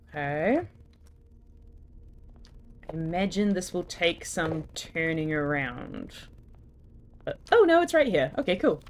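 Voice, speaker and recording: Speaking slowly with long pauses, a young woman from New Zealand chats and giggles with viewers while streaming a game. Her voice sits on the low side with lively intonation. Her Kiwi accent drifts into some American R's.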